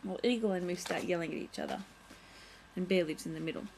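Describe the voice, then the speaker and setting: A woman's voice: lowish voice, quick pace, darkish tone, a little hiss or hum, poor audio. Chatty young woman vlogger, home camera. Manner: chatty, aside-prone, playful. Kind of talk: casual show-and-tell of a picture book.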